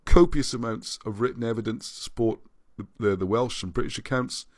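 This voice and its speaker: This livestream host has a medium-pitched voice and a brisk delivery, captured with no echo. He rambles through viewer comments, reading them out and often starting his sentences over.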